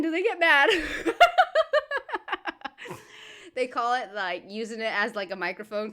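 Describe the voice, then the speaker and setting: A woman's voice: medium pitch, fairly bright tone, clean tone. An American woman hosting a reaction video, chatting casually and bluntly, ranting with lots of "freaking". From United States. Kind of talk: casual chat.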